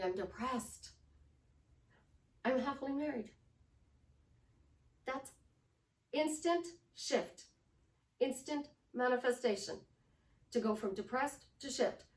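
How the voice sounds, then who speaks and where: A middle-aged woman life coach talks her listeners through a coaching lesson, slipping into little acted-out voices to make her point. Her voice sits a bit high for a woman. It is captured from some way off the mic, in a room with a noticeable echo. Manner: animated, acts out affirmations in different tones. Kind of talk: coaching monologue. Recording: roomy sound from a distant mic.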